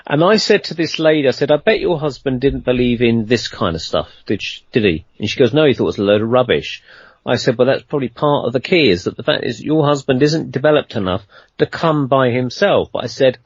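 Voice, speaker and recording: A man's voice: mid-range voice, expressive, brisk, breathy edge, dry recording, lo-fi sound. A man telling a long anecdote in a casual interview, rambling and conversational, with lots of fillers and restarts. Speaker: guest storyteller.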